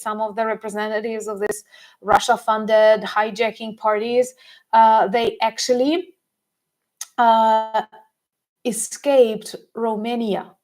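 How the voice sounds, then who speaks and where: A woman's voice: fairly high pitch, rough recording. A woman hosting a live-stream commentary, talking with many hesitant fillers and emphatic stresses. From Ukraine. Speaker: host.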